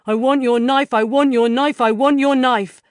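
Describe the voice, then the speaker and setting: A man's voice: sits high, very animated, moderate pace, a bit bright, no echo, clean studio sound. A woman voicing an agitated, distressed man fixated on a knife, pleading and repeating himself. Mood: frantic. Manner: pleading, repetitive chanting.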